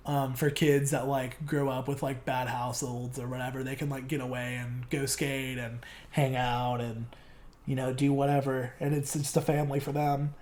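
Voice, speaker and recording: A man's voice: medium pitch, darkish tone. A young man talking casually as a podcast guest, rambling and filling his speech with "like". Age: young adult. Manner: rambling, loaded with fillers like "like" and swearing. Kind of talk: casual chat.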